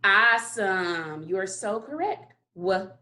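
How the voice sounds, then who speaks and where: Kindergarten teacher lady, super slow and encouraging, sounds out each letter for little kids. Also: fairly high pitch, expressive, fairly bright tone. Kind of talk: recorded phonics lesson for young children.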